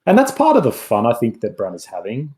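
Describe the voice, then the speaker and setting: Casting: low, mellow, husky-voiced man, rambling podcast co-host. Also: huge pitch swings, fairly quick, poor audio. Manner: rambling, many restarts and asides. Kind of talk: casual film review chat.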